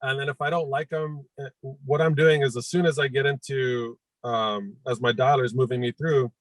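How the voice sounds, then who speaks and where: A man's voice: medium pitch, steady tone, moderate pace, no room sound, rough recording. A man speaking as a guest on a real estate panel, direct and practical. His voice sounds dry and close, and he lists his points one after another. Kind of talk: casual panel chat.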